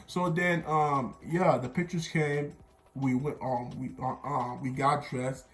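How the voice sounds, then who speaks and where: A man's voice: medium pitch, steady tone, takes it slowly, echoey room, a little hiss or hum. A young man from Miami telling a rambling storytime vlog, often repeating himself and quoting others. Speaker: vlogger.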